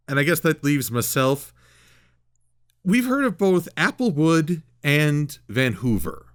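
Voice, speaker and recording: A man hosting a casual chat, playful and jokey with animated asides. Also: fairly high pitch, dry recording, clean studio sound. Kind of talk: casual video-call chat.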